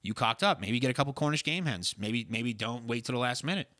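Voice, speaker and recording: Young male podcast host, fast-talking, swears freely, bright edgy tone. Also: mid-range voice, animated, no room sound, clean studio sound. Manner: ranting, sweary, mimics people in voices. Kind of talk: casual chat.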